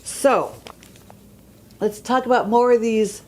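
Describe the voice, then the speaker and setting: A woman's voice: on the high side, slow pace, darkish tone, rough recording. A woman giving a conversational church teaching, reading scripture aloud and checking in with her listeners. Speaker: Bible teacher.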